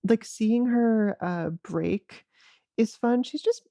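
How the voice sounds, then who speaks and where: A woman co-hosting a podcast, chatting casually about a TV episode, giggly, joking and quick to react. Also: a little high, gravelly, warm tone, dry recording, clean studio sound. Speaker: podcast co-host. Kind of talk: casual chat recapping a TV episode.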